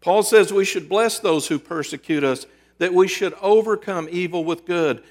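A man with a somewhat high voice preaches a sermon in a church sanctuary. He pauses for effect and asks rhetorical questions before answering them. A long reverb trails behind every phrase. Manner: preaching with dramatic pauses and acted-out quotes. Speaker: pastor.

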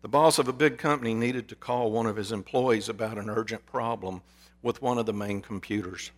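A man's voice: lowish voice, fairly even intonation, fairly quick. A man preaching a sermon in an earnest, storytelling manner. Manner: earnest, telling a story with hushed quoted whispers.

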